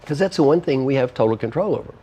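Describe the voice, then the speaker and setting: A guest author and coach in a conversational interview explains ideas emphatically and like a teacher, working through numbered points. His mid-range voice is mellow and slightly rough, with lively intonation and a quick pace.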